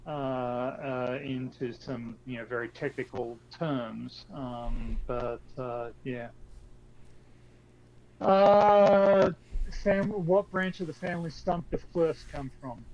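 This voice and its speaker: A man co-hosting a casual podcast chat, talking in a halting way with many fillers and restarts. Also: medium pitch, a little mellow. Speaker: podcast co-host. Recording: dull lo-fi audio with faint noise.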